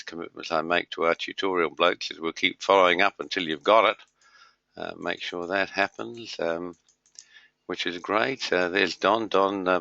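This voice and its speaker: A man's voice: low voice, pushed and bright, no room sound. Man, middle-aged, webinar host, rambling and matey, dry close sound, dull lo-fi audio. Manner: rambling, many fillers, matey. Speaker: webinar host and trading tutor. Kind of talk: casual webinar greetings.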